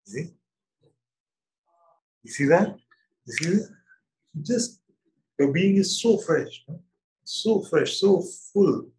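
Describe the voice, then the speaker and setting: A man leading a spiritual satsang over an online call, speaking gently and slowly with frequent laughter. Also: a little high, lively intonation, poor audio. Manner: gentle, slow and playful, laughs often. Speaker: spiritual teacher. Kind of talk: satsang talk. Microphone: video call.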